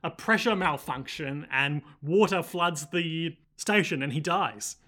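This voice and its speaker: A man's voice: fairly high pitch, measured pace, sharp tone. A man co-hosting a casual podcast, recapping an anime with jokes, fillers and frequent laughs. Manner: joking, laughs often, rambling with fillers. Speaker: podcast co-host.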